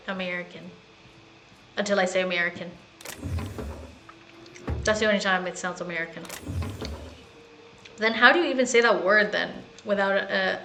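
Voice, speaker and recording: A woman streaming a video game, talking in a bright, crisp voice. She is chatty and giggly, teasing herself and the game, over a faint hum. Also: medium pitch, low-quality recording. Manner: chatty, giggly, self-mocking. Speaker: gaming streamer. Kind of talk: casual gameplay commentary.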